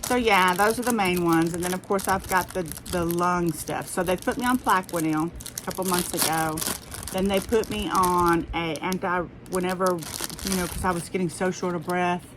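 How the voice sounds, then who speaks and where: A woman's voice: lowish voice, fairly even intonation, moderate pace, background noise. Rambling Southern woman chatting to viewers. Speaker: haul vlogger. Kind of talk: casual chat to viewers.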